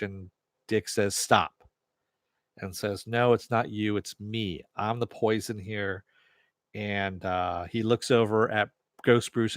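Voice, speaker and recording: Dude recapping a tv episode, lowish voice, dry close mic, chatty and kinda snarky. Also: male voice, no room sound. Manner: chatty, sarcastic asides and profanity. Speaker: TV review host. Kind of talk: casual recap and review.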